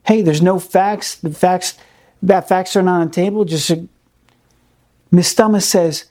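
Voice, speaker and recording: A man gives a Torah class in a mellow, soft-edged voice. He is earnest and emphatic, and he leans on key words by repeating them. His talk is full of Hebrew terms. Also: sits high, fairly even intonation, a little slow. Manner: peppers speech with Hebrew terms. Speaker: Torah teacher.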